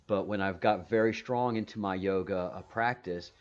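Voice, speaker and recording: Casting: low-pitched man, rambling host, lots of restarts, dull muffled call audio. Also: normal speed. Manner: rambling, many restarts and repeated words. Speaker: stream host. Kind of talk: casual video call chat.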